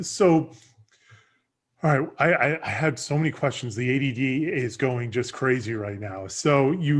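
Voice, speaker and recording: A man hosting a casual interview, talking in an enthusiastic, rambling way with lots of restarts. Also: mid-range voice. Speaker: podcast host.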